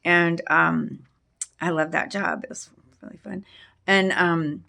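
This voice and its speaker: Slow, gravelly middle-aged woman recalling grief. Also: lowish voice, steady tone, pushed and bright. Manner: halting, with many restarts and fillers. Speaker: interviewee. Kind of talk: emotional personal testimony.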